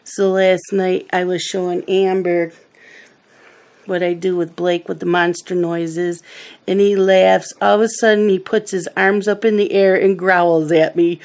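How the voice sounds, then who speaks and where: A woman's voice: fairly low pitch, flat delivery, measured pace, darkish tone. A middle-aged woman hosting a coloring video, chatting casually and telling rambling family stories while she works. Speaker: coloring channel host.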